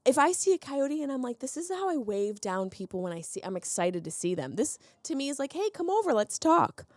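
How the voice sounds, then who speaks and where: Animated, sarcastic woman podcaster. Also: on the high side, fairly quick, no echo, studio quality. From Sicilian heritage, lives in Los Angeles. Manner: animated, sarcastic, jumps into silly voices. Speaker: comedian and podcast host. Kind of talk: comedic podcast monologue.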